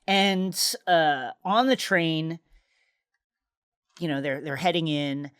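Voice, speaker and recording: A man co-hosting a podcast, recapping a TV episode in a relaxed, chatty way with lots of "uh" and "you know.". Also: a little high, slow, smooth, no echo, clean studio sound. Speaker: podcast co-host.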